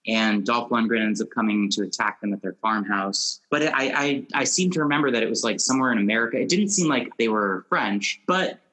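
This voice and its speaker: A man's voice: fairly low pitch, fairly quick, hardly any pauses, sharp tone, low-quality recording. A man hosting a casual movie podcast, asking long rambling questions and laughing often. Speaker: podcast host.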